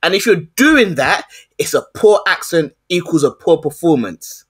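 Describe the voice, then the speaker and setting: A man's voice: fairly high pitch, sing-song, moderate pace, a bit bright, breathy edge. A man co-hosting a casual movie-review podcast, playfully accusing the others and repeating himself. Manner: teasing, playfully accusing, repetitive. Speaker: podcast co-host.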